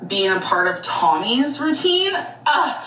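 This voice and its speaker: A woman's voice: fairly high pitch, very animated, slow, sharp tone, slight background noise. A woman chatting through a casual haul vlog in a rambling, chatty way. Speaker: vlogger. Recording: echoey room, voice from far off.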